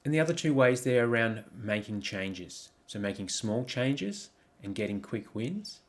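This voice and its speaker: A man's voice: medium pitch, very animated, measured pace. A man giving a coaching talk over slides, reflective, posing many questions, with frequent ums and restarts. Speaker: life coach.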